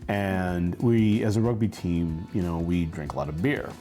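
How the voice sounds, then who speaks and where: A man's voice: sits low, moderate pace. Guy in his 40s telling a wild college story, laughs a lot, does little voices, some music under it. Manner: animated, laughs often, acts out quoted voices. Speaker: storyteller host. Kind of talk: casual storytelling.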